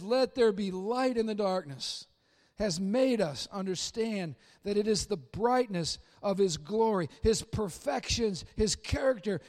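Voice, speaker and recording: A man preaching a sermon in an animated way, acting out the voices of Bible figures and shouting at the high points. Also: big-room sound. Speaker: pastor.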